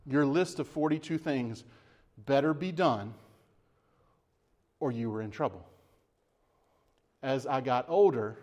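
A man's voice: medium pitch, darkish tone. A man preaching a sermon as pastor, earnest and emphatic with repeated phrases, then leading a closing prayer.

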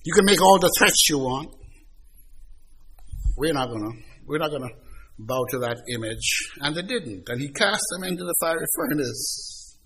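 High, bright, dramatic male preacher. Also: expressive, moderate pace, a little hiss or hum. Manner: dramatic, acts out Bible figures in quotes, swings from hushed to loud; addresses listeners as beloved. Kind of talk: sermon.

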